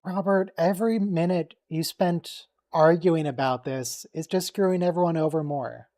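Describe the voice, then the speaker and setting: A man hosting a casual watch-along stream, joking and quickly reacting to what's on screen and teasing his friends. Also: on the high side, a little mellow. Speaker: stream host.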